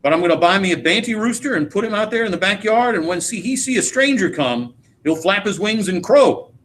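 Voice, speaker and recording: A man's voice: high voice, lively intonation, a little fast, fairly bright tone, slight background noise. A teacher reading aloud as a boastful, teasing middle-aged man who drawls through his stories. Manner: swaggering, teasing, drawling speech. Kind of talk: dramatic read-aloud of a play.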